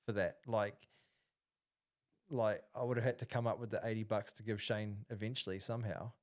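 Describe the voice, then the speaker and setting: A man's voice: fairly low pitch, fairly even intonation, normal speed. A man, co-hosting a casual podcast and telling a story with lots of fillers and restarts. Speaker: podcast co-host.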